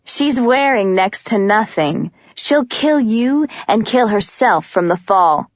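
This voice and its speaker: A man's voice: sits high, expressive, takes it slowly, dry recording, dull audio, exaggerated voice. Woman playing an unhinged proud young commander. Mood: mocking. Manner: mocking, then frantic and pleading.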